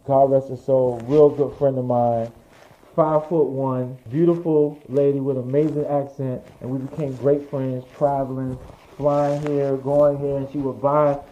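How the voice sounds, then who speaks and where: A man being interviewed as a fashion designer, telling his story in a lively, profane way and acting out the voices of the people he quotes. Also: medium pitch, phone-quality sound.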